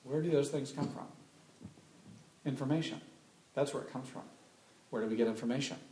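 A man speaking to a live audience, animated and emphatic, firing off rhetorical questions and repeating key points. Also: mid-range voice, fairly quick, a little hiss or hum. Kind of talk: live talk with call-and-response. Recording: echoey room.

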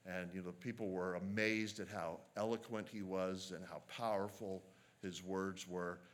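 A man preaching a sermon as a pastor, earnest and measured, slowing down to stress quoted lines. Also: sits low, little pitch movement.

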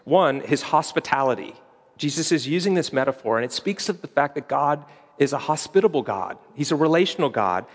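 Man, pastor, sermon, conversational teaching, quotes scripture, echoing sanctuary. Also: mid-range voice. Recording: long hall reverb.

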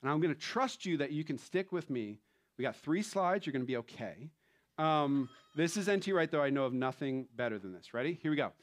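A male pastor, perhaps in his thirties, preaching in a loose, conversational style. His voice sits a little on the high side, and he tells stories with easy chuckles. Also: fairly quick. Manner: conversational, animated storytelling with laughs. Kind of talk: sermon.

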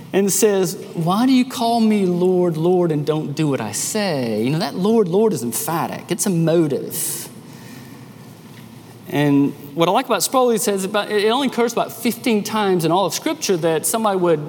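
A man preaching a sermon as pastor, emphatic and animated, restarting his phrases as he builds each point. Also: sits high, a little hiss or hum. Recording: long echo of a hall, faint ambience.

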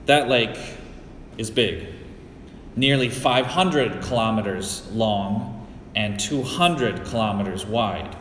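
A middle-aged man from the Great Lakes region of the US, preaching a sermon as a pastor in a slow, deliberate storytelling manner with personal anecdotes, recorded in a church sanctuary. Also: lowish voice, lively intonation, fairly bright tone, a little hiss or hum. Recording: echoey hall with long reverb.

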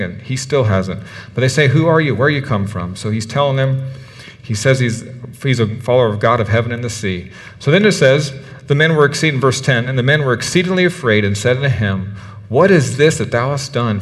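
Pastor giving a sermon, acts out the characters, room rings long behind him, medium-pitched man. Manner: animated, acts out biblical characters' words. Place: church in the UAE. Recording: church hall with long reverb.

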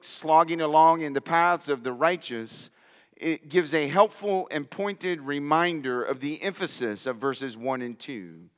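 A man's voice: on the high side, a bit bright, in a large hall. A man preaching a sermon, reading scripture aloud and speaking with emphatic conviction. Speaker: pastor.

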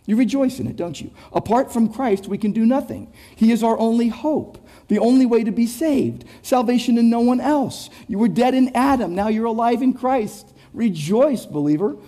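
A man delivers an expository sermon in a notably high voice with a soft, mellow tone. He stresses his points by repeating phrases and often restarts words mid-thought. He asks his listeners questions directly. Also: animated, moderate pace, few pauses. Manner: emphatic, repetitive phrasing with frequent word restarts; rhetorical, addresses listeners directly. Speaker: pastor.

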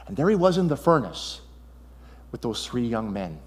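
A male pastor delivers a sermon with animated storytelling, rising loud and excited and then dropping to a hush. His voice sits mid-range and rings with the long reverb of a church hall. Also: medium pitch, normal speed, slight background noise. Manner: animated storytelling, swings between loud and hushed.

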